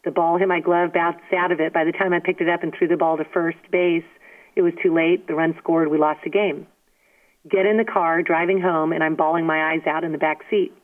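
A woman telling stories as a guest in an interview, speaking in an animated, emphatic way and often asking "you know what I mean?". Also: fairly low pitch, a little fast. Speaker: guest, former softball player. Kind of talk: storytelling interview. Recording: tinny phone line.

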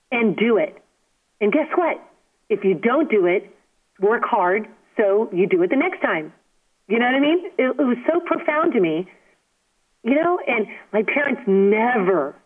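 Woman, interview guest, animated, emphatic, middle pitch, phone-line sound. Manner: animated, emphatic, frequent "you know what I mean". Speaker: guest, former softball player. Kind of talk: storytelling interview.

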